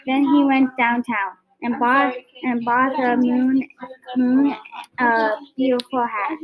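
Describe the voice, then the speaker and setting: Woman reading picture book aloud, high voice, stumbling and restarting, crowd murmur behind. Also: flat delivery, rough recording. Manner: halting, with restarts and repeats. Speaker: storyteller.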